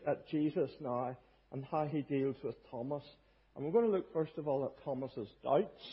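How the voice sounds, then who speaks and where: A man's voice: medium pitch, creaky, breathy edge. A man preaching a sermon in an earnest, emphatic way, with small hesitations as he works through a Bible passage. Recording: dull lo-fi podcast recording.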